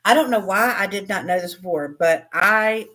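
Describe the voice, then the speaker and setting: This livestream host talks crafting with her viewers in a bright, mid-range voice that is brisk and forceful. She reads comments casually, laughing often and letting lines trail off into fresh starts.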